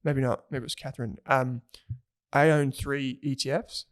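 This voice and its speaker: A man's voice: mid-range voice, steady tone, normal speed. Chatty man co-hosting a podcast. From Australia. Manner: chatty, rambling, laughs easily. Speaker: podcast co-host. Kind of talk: casual chat.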